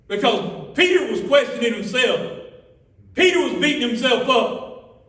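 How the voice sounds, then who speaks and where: Preacher guy, real high bright voice, kinda sing-songy preaching, echoey church heard from far back. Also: animated, measured pace. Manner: impassioned preaching, rising into half-sung cadences. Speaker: pastor. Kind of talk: sermon. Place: church sanctuary.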